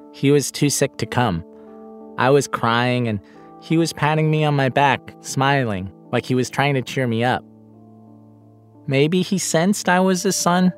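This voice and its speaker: A man narrating a documentary voice-over in a quiet, reflective way. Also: mid-range voice.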